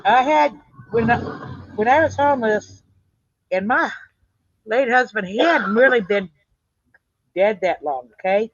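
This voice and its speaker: A woman's voice: on the high side, animated, measured pace, pauses often. A woman speaks bluntly and tough, dropping a casual curse as she tells her stories. The recording is dull and lo-fi, with a dry, close sound and no room echo. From United States. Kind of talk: casual chat, personal storytelling.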